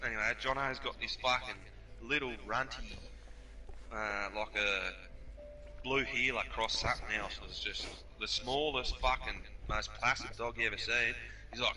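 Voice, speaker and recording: An Australian man spins rowdy, swear-laden yarns in a very bright, sharp voice. He sits a little back from the mic, and faint noise hums under the recording. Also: mid-range voice, moderate pace, far from the mic. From New South Wales, Australia. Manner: profane, animated, laughs while telling stories. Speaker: podcast storyteller. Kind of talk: casual anecdote telling.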